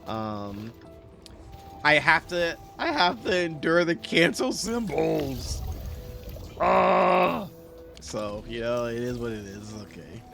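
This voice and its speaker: A man's voice: medium pitch, big pitch swings, slow pace, creaky, bright, forceful tone, faint music behind. A man giving casual, rambling commentary over his factory-building game, correcting himself often as he talks. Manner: rambling, self-correcting, chatty. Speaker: game streamer.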